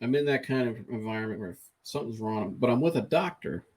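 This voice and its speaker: A man hosting a podcast, casually and candidly retelling a personal experience in an animated, conversational way. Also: mid-range voice, quick pace, husky. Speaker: podcast host.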